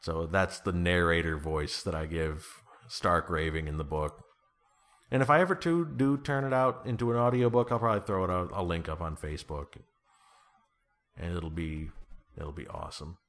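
A man's voice: low voice, normal speed, fairly bright tone. A man talking as an author guest in a casual interview, playful, laughing often and slipping into comic voices.

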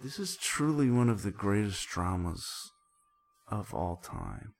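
A man's voice: on the low side, huge pitch swings, slow pace, gravelly. A man co-hosting a podcast in casual, laid-back chat.

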